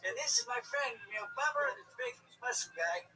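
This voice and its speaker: A man's voice: extremely high pitch, expressive, a little fast, a crowd in the background. Rambling, swearing man telling a story from a distance. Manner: rambling, swears freely, acts out quotes. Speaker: storyteller guest. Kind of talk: casual profane storytelling. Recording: distant mic with clear room noise.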